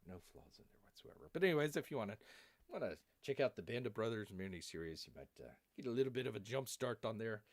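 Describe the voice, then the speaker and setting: A man's voice: medium pitch, lively intonation, fast, no room sound. Rambling man chatting live as "Bear". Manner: rambling, calls himself Bear in the third person, jokey asides. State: voice wearing out. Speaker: live stream host. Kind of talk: rambling live-stream chat.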